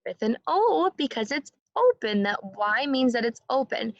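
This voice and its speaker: A woman teaching a phonics lesson to young children, speaking slowly and clearly and modeling sounds for the class to repeat. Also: fairly high pitch, big pitch swings, no room sound, lo-fi sound.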